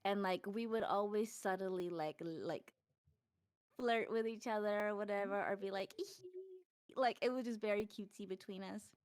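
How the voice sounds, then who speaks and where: A woman's voice: medium pitch, normal speed, smooth. Giggly young woman co-hosting a podcast. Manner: giggly, chatty, quotes herself. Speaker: podcast co-host. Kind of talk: casual storytelling chat.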